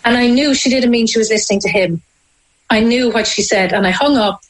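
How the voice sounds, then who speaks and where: Irish woman, interview guest, halting emotional storytelling, frequent restarts. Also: on the high side, poor audio. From Ireland.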